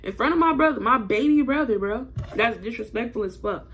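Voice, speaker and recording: A woman's voice: fairly high pitch, expressive, a little fast, husky. A young woman telling a personal story to her viewers in a casual vlog, blunt and profane, talking straight to camera.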